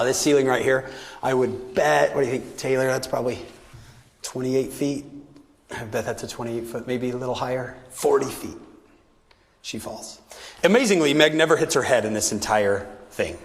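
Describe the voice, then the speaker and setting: A man giving a motivational talk to a live audience. He tells a story with animated acted quotes and drops to a hushed near-whisper at tense moments. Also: medium pitch. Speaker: speaker telling stories to an audience. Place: large hall with a high ceiling. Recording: live hall with long reverb.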